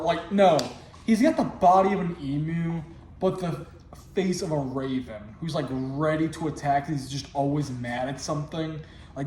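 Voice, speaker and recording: A man's voice: on the high side, a little mellow, reverberant, a little hiss or hum. A man hosting his own video show, riffing and joking directly to his viewers in casual comedic commentary. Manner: jokey, riffing, talks straight to viewers.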